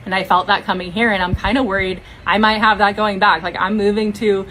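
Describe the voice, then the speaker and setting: A woman's voice: mid-range voice, steady tone, a little fast, fairly bright tone, a little hiss or hum, low-quality recording. A young woman talking to camera in a casual vlog, with a Valley-girl manner and lots of "like".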